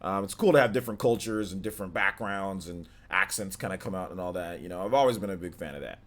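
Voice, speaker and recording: Male streamer, relaxed and slangy, chats with his viewers as if they were friends in the room. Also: low voice, fast. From United States. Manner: chatty, slangy, talks straight to viewers. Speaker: live-stream gaming host. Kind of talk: casual live-stream chat.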